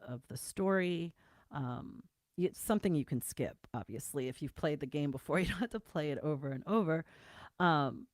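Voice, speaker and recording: Woman guest, low voice, dry close sound, rambling and casual. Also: a little mellow, no room sound. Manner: chatty, rambling with many fillers. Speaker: guest game developer. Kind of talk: livestream interview conversation.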